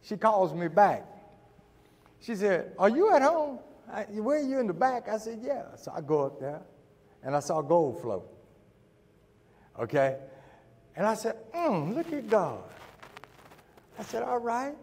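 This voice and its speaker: A middle-aged man preaching a sermon, telling a story and acting out the dialogue before building to shouts. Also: high-pitched, very animated, measured pace, pauses often, slightly rough. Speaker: pastor. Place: church sanctuary. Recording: church hall with long reverb.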